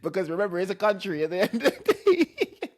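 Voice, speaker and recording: A man co-hosting a podcast in casual chat, agreeing readily, laughing often and trying to calm things down. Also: sits high, moderate pace. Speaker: podcast co-host.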